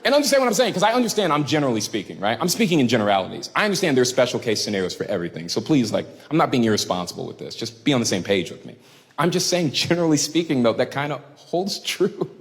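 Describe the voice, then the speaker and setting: A man performing a stand-up comedy routine on a club stage, animated and crowd-baiting, swearing freely and acting out other people. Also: medium pitch, quick pace, long reverb tail.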